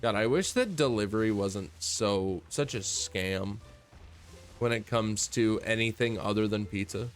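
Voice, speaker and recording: A man's voice: fairly low pitch, measured pace, soft background music. A man chatting casually on a stream, rambling and laid-back and swearing freely.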